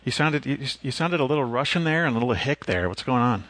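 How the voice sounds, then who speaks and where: A man's voice: medium pitch, lively intonation, fast talker, a bit bright, no room sound. A man co-hosting a podcast in casual chat, laid-back and joking. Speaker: podcast co-host.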